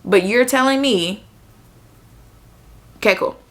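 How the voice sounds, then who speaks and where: A woman's voice: a little high, slow. A young woman telling a personal story to camera in an emphatic, venting way, repeating her points for stress. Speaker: vlogger. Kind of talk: casual storytime.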